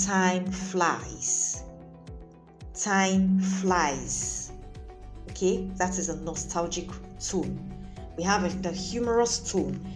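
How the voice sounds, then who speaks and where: A woman teacher giving a lesson, explaining points carefully, repeating them and checking in with her listeners. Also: medium pitch. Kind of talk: classroom lesson on literary tone.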